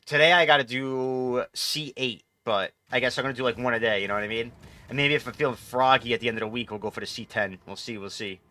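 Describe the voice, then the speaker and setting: A man's voice: medium pitch, fast talker, pushed and bright, no echo. A man chatting casually on a live gaming stream, rambling and swearing as he answers chat. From New York.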